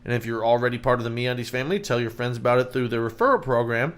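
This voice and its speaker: A man's voice: medium pitch, quick pace, fairly bright tone. A man co-hosting a podcast, reading a sponsor ad casually and joking around with his co-host. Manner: joking, breaks up laughing while reading. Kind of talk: casual ad read.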